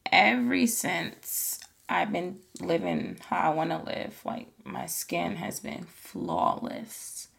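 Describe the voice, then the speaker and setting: A woman's voice: lowish voice, creaky, husky. A woman hosting a podcast, talking in a casual, earnest and encouraging way, full of "like" and "you know". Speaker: podcast host. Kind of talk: casual motivational monologue.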